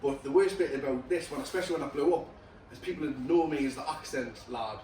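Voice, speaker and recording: A man's voice: a little high, fast talker, slight background noise. A man guesting on a podcast as a comedian, chatting casually, rambling and laughing, with a lot of swearing. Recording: echoey room, distant mic, loud chatter behind.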